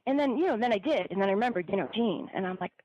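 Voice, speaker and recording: A woman's voice: mid-range voice, expressive, rapid-fire, darkish tone, no echo. A woman telling her own story in a chatty way, full of fillers like "like" and "you know", on a dry, slightly dull recording. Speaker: guest.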